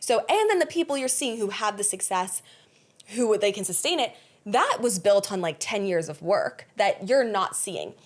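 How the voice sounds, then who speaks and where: A young woman hosts a podcast and talks in a frank, unfiltered way, swearing freely as she explains her ideas. Her pitch sits in an ordinary middle range, and her delivery is animated and easygoing. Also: moderate pace. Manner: blunt, swears often, animated laughing. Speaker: podcast host. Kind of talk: casual podcast conversation.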